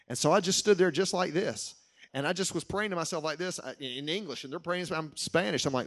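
Preaching in a fairly high voice, a middle-aged man shares a personal story during his sermon. His delivery is earnest, and he slows down whenever he reaches an important line.

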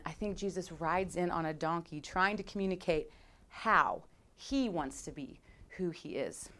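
A woman pastor preaching a conversational sermon to her congregation, animated and playful, acting out scenes with sound effects. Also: on the low side. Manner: conversational, direct address to congregation.

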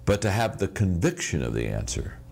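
A man giving an earnest, measured inspirational talk. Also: deep voice, big pitch swings, gravelly, a little mellow, slightly rough. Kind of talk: inspirational speech.

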